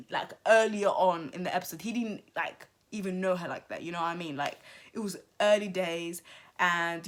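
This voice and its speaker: A woman vlogger talks through a reality TV episode with sassy, emphatic energy. She speaks at an everyday middle pitch, punching up her asides to her viewers. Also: a bit bright. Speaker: TV commentary vlogger. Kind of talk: reality TV commentary.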